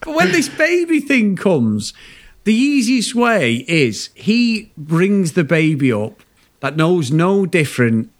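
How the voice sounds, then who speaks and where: A man's voice: sits high, sing-song, takes it slowly. A man co-hosting a podcast, ranting about a film in casual, sweary, exasperated chat. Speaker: podcast co-host.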